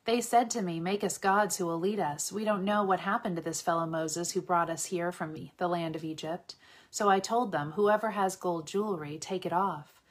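A woman reading a scripture passage aloud in a steady, measured way, lightly voicing the quoted speech. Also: lowish voice. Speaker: Bible reader.

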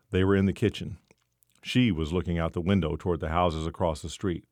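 A man narrating a short story in a measured storytelling manner. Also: low voice, darkish tone, no echo, clean studio sound.

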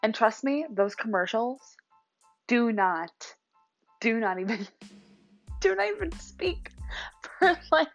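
A woman's voice: fairly high pitch, expressive, takes it slowly, pauses often. A young woman talks in a loose, confessional way on her own podcast. She is blunt and cheerful, curses casually and laughs between thoughts. Faint music plays behind her. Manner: candid, swears freely, laughs often. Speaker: podcast host.

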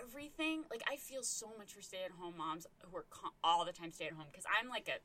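A woman and parent telling a funny story in casual chat, expressive and swearing freely. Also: fairly low pitch, a little fast. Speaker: podcast co-host and parent.

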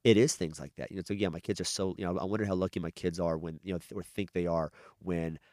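A man's voice: deep voice, fairly even intonation, fast, darkish tone, no echo, clean studio sound. A middle-aged man, an adoptive father, talking candidly and rambling in a casual podcast conversation. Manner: candid, rambling, frequent restarts and swearing.

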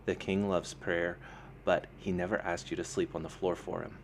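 A man's voice: low-pitched, flat delivery, normal speed, slight background noise. A man reading a novel aloud, voicing an easygoing, confident young man who speaks in a casual, matter-of-fact way.

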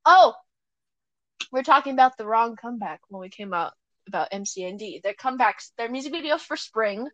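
A young woman with a fairly high voice chats casually from her bed, rambling and giggling and stopping to correct herself. The sound is dry and close, with little room around it. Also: animated, a little fast, a bit bright, no room sound, poor audio. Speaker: podcast co-host. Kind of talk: casual chat.

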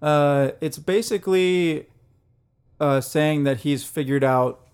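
A man co-hosting a casual music podcast, calmly explaining the songs and laughing along with his co-host. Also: on the high side, slow pace, clear, resonant tone. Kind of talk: casual music review chat.

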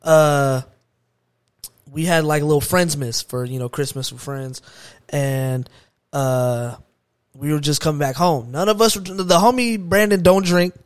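Excitable young man, slightly high voice. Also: measured pace, clean tone, no room sound. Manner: animated, excitable, heavy slang. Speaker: podcast guest. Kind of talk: casual storytelling chat.

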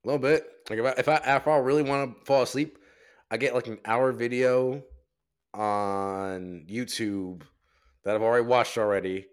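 A man's voice: medium pitch, fairly even intonation, moderate pace, clear, resonant tone. A young man chatting casually as a podcast co-host, rambling and hesitant with many fillers. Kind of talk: casual chat.

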